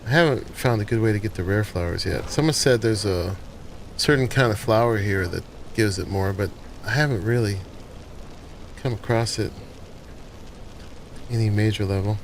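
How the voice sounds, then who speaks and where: A man's voice: fairly low pitch, normal speed, pauses often, slight background noise. A man hosting a gaming channel, casually talking through his gameplay and thinking aloud as he builds. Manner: relaxed, thinking aloud while playing.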